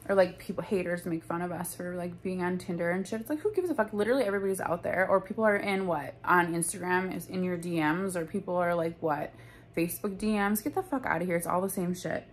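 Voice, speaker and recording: A woman's voice: fairly low pitch, quick pace, a little hiss or hum. A young woman in a casual storytime vlog, talking bluntly and profanely with lots of "like". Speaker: vlogger.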